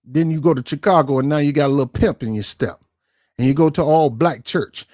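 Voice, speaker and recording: A man's voice: a little high, fairly quick, darkish tone, dry recording, studio quality. A man hosting his own online show, giving ranting political commentary in an emphatic, confrontational way and repeating words for stress. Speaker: YouTube commentary host.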